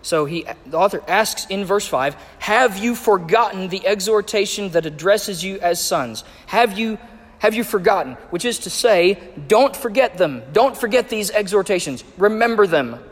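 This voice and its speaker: A man preaching a sermon, measured and emphatic as he reads and explains scripture. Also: high voice, lively intonation. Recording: echoey hall with long reverb.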